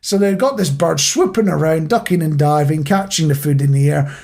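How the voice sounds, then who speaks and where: A man's voice: a little high, a little fast, gravelly, darkish tone. A man co-hosting a podcast, telling jokey stories in casual chat. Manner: chatty, jokey storyteller. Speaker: podcast co-host.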